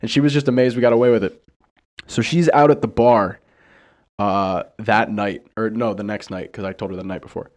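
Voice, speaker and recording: A young man from Ohio, a podcast host telling a story in casual chat, animated and laughing often. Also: lowish voice, fairly quick. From Ohio, USA.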